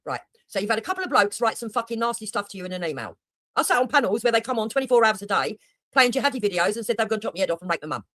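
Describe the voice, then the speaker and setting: A woman's voice: on the high side, animated, very fast, a bit bright, no echo. A woman doing heated reaction commentary on a livestream, blunt and mocking, with heavy swearing. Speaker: livestreamer reacting to another streamer.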